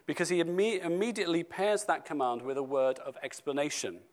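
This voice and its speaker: A man preaching a sermon to his church, stressing key words and slowing down for scripture. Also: on the high side, animated. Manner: emphatic, slows down for scripture, speeds up for asides.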